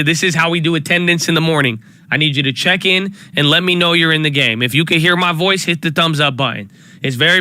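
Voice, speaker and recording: Recorded dry with studio quality, this higher-voiced man runs a live stock trading stream. He's casual, hyped, and energetic, repeating phrases as he rallies his viewers again and again.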